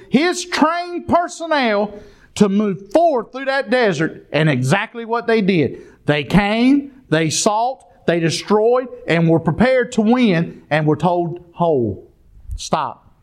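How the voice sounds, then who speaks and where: Preacher, high voice, unhurried, talks straight to the church. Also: male voice, very animated. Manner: storytelling, addresses the congregation directly. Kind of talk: sermon.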